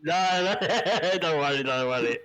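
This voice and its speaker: A man's voice: a little high, lively intonation, slow, over a noisy crowd. A man chatting casually with a streamer friend, joking and laughing easily, often repeating himself. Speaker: friend on voice call. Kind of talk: casual chat.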